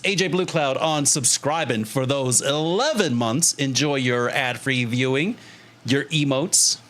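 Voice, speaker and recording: Young male streamer, mid-pitched, animated and quick to laugh, casual swearing, close desk mic. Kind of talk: casual livestream chat to viewers.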